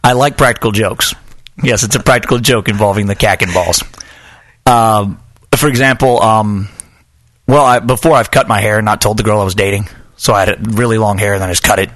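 A man's voice: fairly low pitch, fairly bright tone, no echo. A man hosting a podcast from a small home studio, chatting in a joking, rambling way. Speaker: podcast host. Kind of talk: casual chat.

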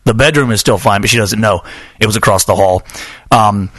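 A man's voice: on the low side, a little fast, a bit bright, dry recording. A man hosting a podcast from a small home studio, chatting in a joking, rambling way. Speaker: podcast host. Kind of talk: casual chat.

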